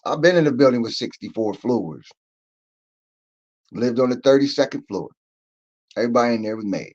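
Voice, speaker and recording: A man's voice: medium pitch, darkish tone, muffled recording. A man hosting a livestream, ranting emphatically with swearing and speaking straight to his viewers. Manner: emphatic, profane, addresses viewers directly. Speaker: livestream host. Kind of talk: casual commentary rant.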